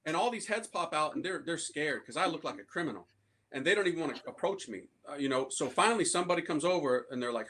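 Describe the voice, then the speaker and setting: Slangy man telling a story, high voice. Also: animated, a little fast, bright, forceful tone. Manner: acts out quoted voices, laughs often; slangy, street-style phrasing. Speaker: priest telling his conversion story. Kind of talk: animated storytelling talk.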